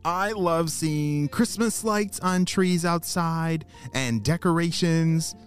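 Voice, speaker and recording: A man's voice: a little high, slow pace, clean tone, faint music behind. A man narrating a children's story and talking to young listeners. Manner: animated, talks to young listeners.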